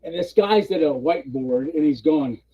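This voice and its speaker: Husky, lively man on a lo-fi stream. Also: moderate pace. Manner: animated storyteller, puts on high voices for characters, laughs often. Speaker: live stream co-host. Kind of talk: casual chat, retelling a comic bit. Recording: dull lo-fi stream audio.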